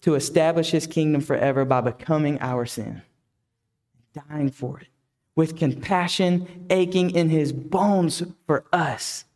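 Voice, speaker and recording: A man's voice: a little high, a little slow, a little mellow. A man preaching a reflective sermon who asks the listeners many questions. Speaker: pastor.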